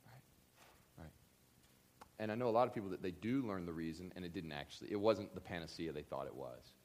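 This sermon comes from a man with a low voice who talks a little fast. He speaks earnestly and straight to his congregation, building to emphatic, animated bursts.

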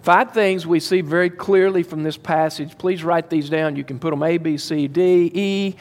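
A man preaches to his congregation with a somewhat high-pitched voice. He leans hard on his points and repeats them for weight. His voice echoes with the long reverb of a large church hall. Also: steady tone, normal speed, darkish tone. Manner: emphatic, repeats key phrases, addresses the congregation directly. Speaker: pastor. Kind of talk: sermon.

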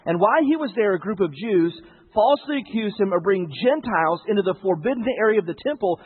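A pastor with a high-pitched, husky, expressive voice talks fast as he preaches a sermon conversationally, often posing rhetorical questions to his listeners. The audio has a tinny, narrow-band broadcast quality.

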